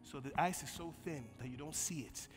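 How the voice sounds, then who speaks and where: A man preaching a sermon as pastor, calling on the congregation to answer and swinging from loud bursts to quiet storytelling. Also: a little high, fairly quick. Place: large church hall. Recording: long church hall reverb, faint music.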